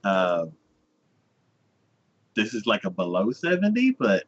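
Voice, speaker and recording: Animated man recapping an anime. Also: lowish voice, slow, muffled recording. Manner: animated storyteller, acts out characters, loose and rambling. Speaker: anime review podcast host. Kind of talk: casual chat recapping an episode.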